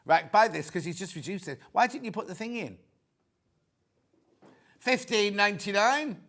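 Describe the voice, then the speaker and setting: A man's voice: high-pitched, expressive, fast, vocal fry. A British man presenting a live sewing shopping show, chatty and teasing as he reads out prices and viewer messages in a TV studio.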